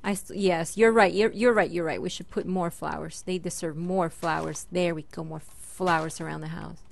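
A woman's voice: fairly low pitch, steady tone, normal speed, creaky. A young woman chatting her way through a Minecraft let's play, talking to mobs and her pet and squealing when startled. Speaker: gaming channel host.

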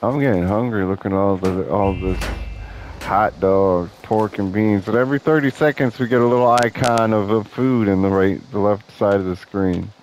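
A man's voice: lowish voice, steady tone, moderate pace, darkish tone, a little hiss or hum, rough recording. A young man casually commenting on his video game play, joking and swearing. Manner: joking, sarcastic, swears often. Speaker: gameplay streamer.

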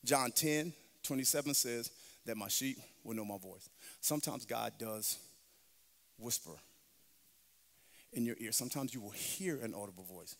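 A man preaching a sermon as pastor, moving between chanted, shouted passages and quiet, close teaching. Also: mid-range voice, normal speed, pauses often. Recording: long reverb of a large hall.

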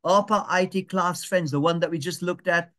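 A man's voice: high voice, fairly even intonation, a bit bright. Patient man teaching over a video call. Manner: patient, repeats steps slowly and checks understanding. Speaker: digital skills tutor.

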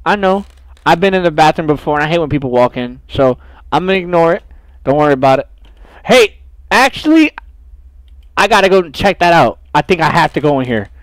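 A young man streaming a horror game, loud, profane and jumpy, talking to his chat and to the game characters. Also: on the high side, expressive, brisk, no echo. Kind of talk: horror game playthrough commentary.

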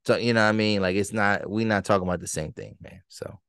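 A man's voice: lowish voice, steady tone, quick pace, fairly bright tone, clear, resonant tone, no room sound, clean studio sound. A man hosting a podcast in casual solo commentary, emphatic and choppy, often repeating words as he gets worked up. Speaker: podcast host.

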